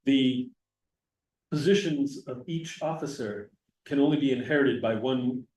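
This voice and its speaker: A man's voice: mid-range voice, a little mellow, a little hiss or hum. A man giving a casual, digressive history talk to an audience. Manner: conversational, digressive, jokes with the audience. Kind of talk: casual public history lecture. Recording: roomy sound from a distance.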